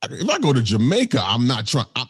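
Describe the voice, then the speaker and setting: A man's voice: mid-range voice, huge pitch swings, quick pace, slightly rough. A man co-hosting a podcast in casual chat, laid-back and slangy with jokes. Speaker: podcast co-host.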